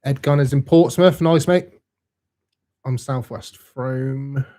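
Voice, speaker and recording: A man's voice: mid-range voice, slow, warm tone. A young man hosting a live stream, chatting casually and reading out viewer comments in a laid-back, matey way.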